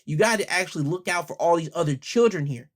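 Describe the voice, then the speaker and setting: A man's voice: fairly high pitch, lively intonation, fast talker. A man hosting an opinion podcast, heated and blunt, hammering the same rhetorical questions and speaking in casual slang while holding back his anger. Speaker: podcast host.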